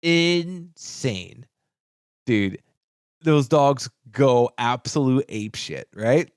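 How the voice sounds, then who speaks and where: A podcast co-host tells a story in casual, profane chat, animatedly acting out the people he quotes with big pitch jumps. His voice is slow and smooth, recorded in studio quality with no room sound.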